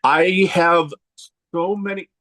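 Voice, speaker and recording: A man hosting a casual interview, friendly and halting, with many "uh"s. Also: high voice, steady tone, sharp tone. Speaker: podcast host.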